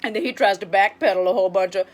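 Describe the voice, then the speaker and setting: A woman's voice: medium pitch, very fast, close to an everyday voice. A woman playing a brassy, blunt former schoolteacher in an improvised comedy monologue, sassy and rambling. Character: brassy blunt middle-aged female ex-schoolteacher. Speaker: comedic livestream host character.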